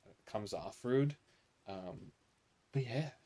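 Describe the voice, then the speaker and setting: A man with an American accent casually narrates his live gameplay, talking sassily to his audience and reading game dialogue aloud. His warm, medium-pitched voice moves slowly.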